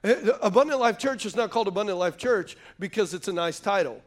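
High voiced guy pastor preaching, jokey asides, keeps asking the crowd to answer back. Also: lively intonation, brisk. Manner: call-and-response preaching, asks the crowd to answer; jokey asides between points. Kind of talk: sermon. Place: church sanctuary before a live congregation.

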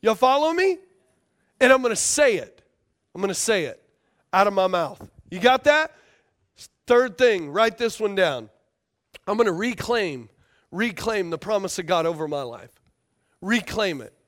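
A male pastor delivering a sermon in a very high voice that rises and falls with animation. He hammers his points home by repeating phrases and keeps asking the congregation if they follow. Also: very animated, a little slow, pauses often, fairly bright tone. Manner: emphatic, repeats key phrases, checks in with the congregation.

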